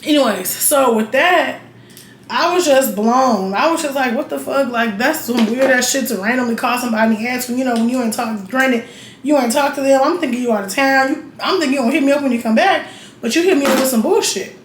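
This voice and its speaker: A young woman, her voice pitched slightly high and a little fast, addresses the camera as a vlogger, spinning casual stories while she gets ready. Her talk is blunt, profane and chatty, peppered with asides and check-ins with viewers, and the room lends an echo over a faint noise hiss.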